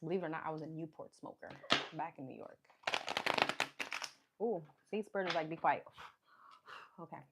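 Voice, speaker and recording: A woman with a fairly low voice gives a loose, chatty tarot reading, musing out loud as she runs through the cards. A steady hiss of noise sits under her voice throughout. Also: moderate pace, pauses often. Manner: chatty, thinks aloud while naming cards. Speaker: tarot card reader. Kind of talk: casual live tarot reading. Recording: clear background noise.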